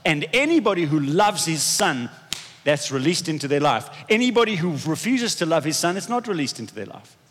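A man's voice: on the high side, very animated, a little fast, a bit bright, in a large hall. A man preaching a sermon as pastor in a conversational, self-deprecating way, with frequent restarts. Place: church hall.

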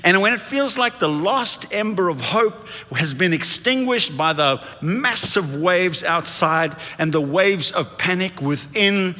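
An impassioned male preacher whose high, bright voice swings widely as he builds each point. He drives the congregation to repeat lines back to him. His words ring out with a long reverb in a large church hall. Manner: impassioned, dramatic build-ups with congregation call-and-response. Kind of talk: sermon.

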